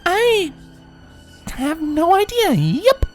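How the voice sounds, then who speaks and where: A man doing an excitable bookish pony princess. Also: very high voice, drawn-out words, soft background music, voice pushed up, full character voice. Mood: sheepish. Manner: excitable, chirpy. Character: eager bookish female pony princess, adult.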